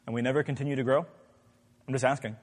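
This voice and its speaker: A man's voice: medium pitch, fairly even intonation, fast, long reverb tail. A man leading an interactive Bible class, asking the group many questions in a conversational way. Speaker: Bible study teacher.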